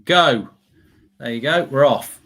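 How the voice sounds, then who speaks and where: An English man co-hosting a live football watchalong, talking in an animated, ranting way and swearing casually. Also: medium pitch, slow, slight background noise.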